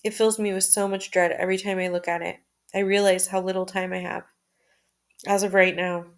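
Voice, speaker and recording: A woman reading a personal journal aloud in the first person, at a steady, measured pace with occasional restarts. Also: on the low side.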